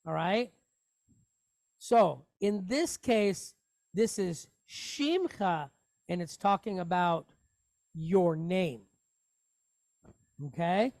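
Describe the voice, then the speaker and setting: Teacher, female, unhurried, patient, checks in with her class, dry recording. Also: medium pitch, darkish tone, no echo. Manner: patient, explains step by step with frequent check-ins. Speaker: Hebrew teacher. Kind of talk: classroom language lesson.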